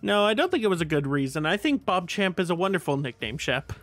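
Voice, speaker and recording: A man's voice: high-pitched, very animated, fast talker, fairly bright tone, soft background music. A man streaming a game and chatting casually with his viewers, laughing often and swearing now and then. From United States.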